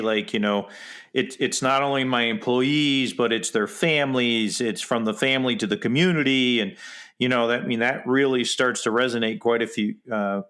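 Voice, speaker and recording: A man hosting an interview podcast, asking long questions in a relaxed conversational way. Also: mid-range voice. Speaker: podcast host.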